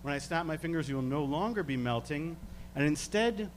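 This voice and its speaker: A man with a slightly high voice leads a live hypnosis demonstration. He talks subjects under with slow, soothing suggestions and chuckles often between them. A faint hum sits under his voice. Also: animated. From Canada. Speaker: stage hypnotist guest.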